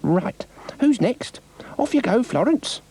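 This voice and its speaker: A man voicing a cheerful, sensible young girl who speaks briskly. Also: extremely high pitch, very animated, dark tone, husky, pitched above the performer's own voice, exaggerated voice.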